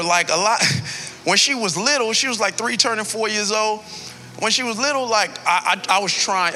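A man's voice: high-pitched, bright, forceful tone. A man in his thirties, a pastor telling a personal story in a sermon, emotional and building to a preaching cadence.

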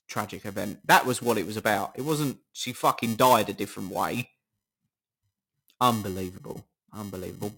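A man's voice: on the low side, gravelly, a bit bright. A middle-aged man hosting a podcast, chatting casually in a sarcastic, incredulous tone and swearing often. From Britain. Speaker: podcast host. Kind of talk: casual solo podcast chat.

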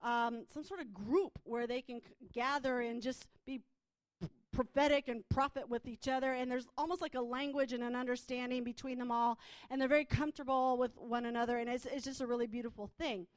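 A woman's voice: on the high side, fairly even intonation, brisk, dry recording. A woman minister telling her testimony in a chatty way, full of fillers and restarts. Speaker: prophetic minister. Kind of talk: personal testimony.

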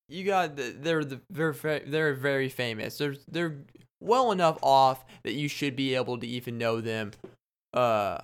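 Excitable young man telling a story. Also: medium pitch, smooth. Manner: excitable, rambling, laughs often. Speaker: podcast host. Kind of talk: casual storytelling monologue.

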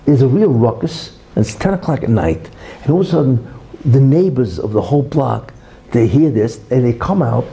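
A man giving an informal religious talk in an animated, rhetorical way, often checking in with "right?" and "you see". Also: medium pitch, gravelly, low-quality recording.

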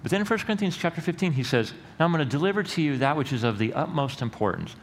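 A man's voice: a little high, expressive, fast. Man preaching in a reverberant sanctuary. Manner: earnest preaching with sudden loud emphatic rises. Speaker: pastor. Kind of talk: sermon. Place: church sanctuary. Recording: long hall reverb with faint room noise.

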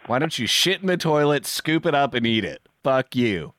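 A man hosting a podcast, making prank calls in a crude, aggressive, deadpan way. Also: medium pitch, normal speed, a little hiss or hum. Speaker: prank caller, podcast host. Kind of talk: prank call.

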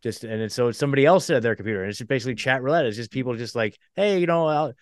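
A man's voice: medium pitch, rapid-fire, no echo, studio quality. A man hosting a podcast, telling a story casually with lots of fillers and restarts. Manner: rambling, many fillers and restarts. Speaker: podcast host.

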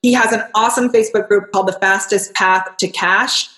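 A woman's voice: medium pitch, steady tone, fairly quick, bright, forceful tone. A woman being interviewed on a podcast, talking casually and with enthusiasm, often restarting her sentences. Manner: bubbly and enthusiastic, with frequent restarts. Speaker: podcast guest. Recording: roomy echo.

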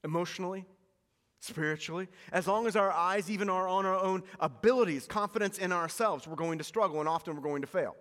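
A man's voice: sits high, a little fast, fairly bright tone. A male pastor preaching a sermon, telling stories with energy and repeating key lines for emphasis. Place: church hall. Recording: long reverb of a church hall.

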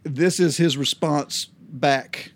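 A man's voice: on the high side, slow pace. A middle-aged man co-hosting a casual podcast, chatting playfully and laughing often. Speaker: podcast co-host. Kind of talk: casual chat.

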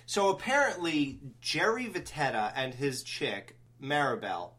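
A man hosting a podcast, telling a long story in casual chat, rambling and animated with many restarts. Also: medium pitch, unhurried. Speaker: podcast host.

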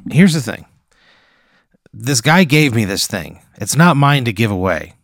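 A man's voice: medium pitch, very animated, unhurried, vocal fry, dry recording, studio quality. A man in a casual comedy chat, answering in short, exasperated replies. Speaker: podcast co-host answering a hypothetical.

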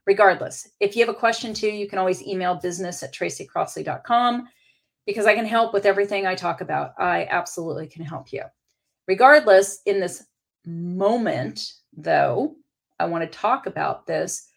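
Candid woman podcast host, gravelly edge. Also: mid-range voice. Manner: candid and emphatic, with casual swearing. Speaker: podcast host and leadership coach. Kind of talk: motivational podcast monologue.

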